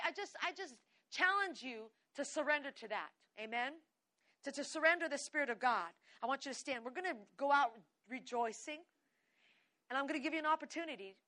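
A woman preaching with a high, ringing voice. She is exuberant and bursts into laughter often. She reads scripture slowly and with emphasis. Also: pushed and bright. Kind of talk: sermon.

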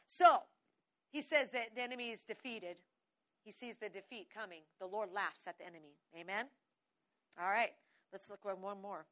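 A woman preaching a sermon with exuberance, often breaking into laughter and reading scripture slowly. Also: mid-range voice, sharp tone.

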